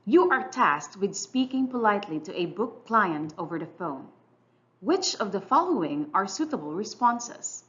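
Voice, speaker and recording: A woman teacher giving a clear, measured, scripted English lesson narration. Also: mid-range voice, big pitch swings, fairly bright tone, dull audio. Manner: clear, instructional, measured delivery.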